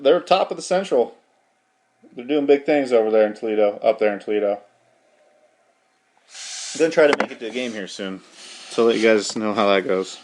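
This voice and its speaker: A young man hosting a podcast, rattling off hockey scores in a profane, rambling, mock-outraged casual rundown. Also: medium pitch. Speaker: podcast host.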